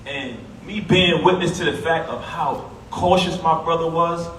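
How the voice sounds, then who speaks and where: A man's voice: a little high, a little slow, fairly bright tone. A man with a New York accent giving a heartfelt eulogy at a funeral, speaking emphatically and casually, straight to the crowd. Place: funeral service in a large echoey hall. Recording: echoey hall from far off, noisy.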